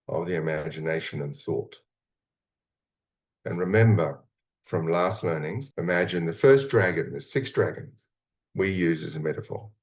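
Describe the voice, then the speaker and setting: A middle-aged man leading a guided meditation, speaking slowly and soothingly with long pauses between short phrases. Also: sits low, a little mellow.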